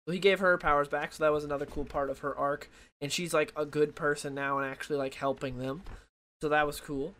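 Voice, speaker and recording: A man's voice: on the high side, flat delivery, fairly quick, sharp tone, slight background noise. A young man rambling loosely through a comic book review, full of fillers and restarts, talking into a desk microphone. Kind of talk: casual solo review talk.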